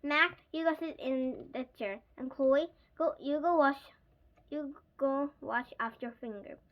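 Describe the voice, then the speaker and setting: A woman reading aloud, voicing a patient woman schoolteacher who explains and gently scolds. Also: sits high, unhurried, lo-fi sound. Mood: firm.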